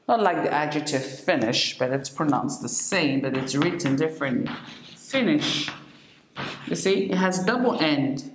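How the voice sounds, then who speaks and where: Woman English teacher, deliberate and repetitive; roomy recording with faint hiss. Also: low-pitched, sing-song. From not from Senegal. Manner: slow, repeats each word for drilling. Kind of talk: classroom lesson. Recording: echoey room, faint noise.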